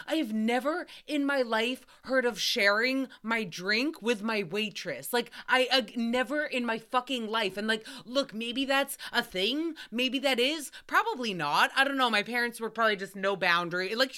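A young woman with a fairly high, bright voice that comes across smooth and clear. She hosts a casual podcast and rambles through stories, swearing and bursting into loud acted-out quotes. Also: normal speed, hardly any pauses. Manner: animated, swearing, acts out quotes with loud outbursts. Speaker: podcast host. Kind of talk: casual storytelling recap.

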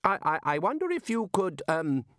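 A man's voice: sits high, big pitch swings, normal speed, a bit bright, clear, resonant tone, dry recording, clean studio sound, pitched above the performer's own voice. A man voicing a nervous, querulous male university bursar who stammers and apologizes. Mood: timid.

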